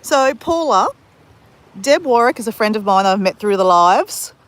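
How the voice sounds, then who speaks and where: Lively Australian woman chatting live from the beach. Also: mid-range voice, unhurried. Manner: chatty, addresses viewers by name, laughs often. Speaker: live-stream host. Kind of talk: casual live-stream chat with viewers. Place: outdoors at a beach at sunrise. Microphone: handheld phone.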